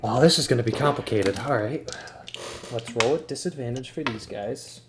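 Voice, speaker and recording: A man's voice: medium pitch, normal speed, noisy background. A young man narrating as game master, casual and hesitant with many ums.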